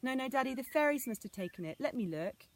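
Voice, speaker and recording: Eager little girl, storybook figure, high bright voice, pleading, woman doing the voice. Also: huge pitch swings, fairly quick, slight background noise.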